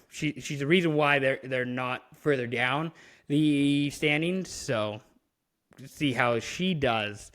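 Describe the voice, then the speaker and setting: A man's voice: medium pitch, fairly bright tone. Rambling man talking sports on a podcast. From Canada. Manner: rambling, frequent fillers and restarts. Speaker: podcast co-host. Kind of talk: casual sports chat.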